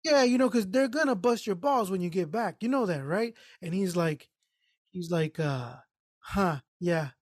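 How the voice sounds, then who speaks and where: With a voice that sits high and a measured pace, a co-host on a podcast shares a work story in loose, profane conversation, performing the lines people said. The audio is studio quality and echo-free.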